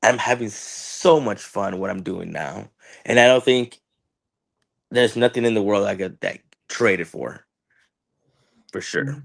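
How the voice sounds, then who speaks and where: A man in his thirties, a wrestler guest, telling stories in an animated way and acting out what people said to him. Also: fairly low pitch, a little slow, gravelly, pauses often. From Chicago area. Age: 30s. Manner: animated storyteller, acts out quotes, repeats words. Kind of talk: casual interview talk.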